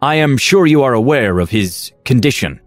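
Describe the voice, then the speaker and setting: A man's voice: medium pitch, animated, moderate pace, no room sound, faint music behind, pitched above the performer's own voice, close to an everyday voice. A man voicing a stern, wealthy older father and shrewd businessman who speaks in a cold, commanding way.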